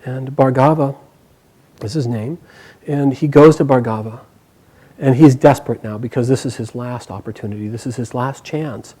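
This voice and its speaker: A man telling an epic story aloud, narrating expressively with frequent pauses and small restarts. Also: mid-range voice, warm tone, slightly rough, rough recording.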